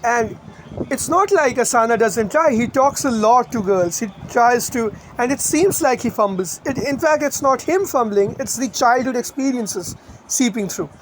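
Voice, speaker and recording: A man's voice: very high-pitched, normal speed, slight background noise, low-quality recording. A man giving blunt, rambling online commentary, crude and opinionated.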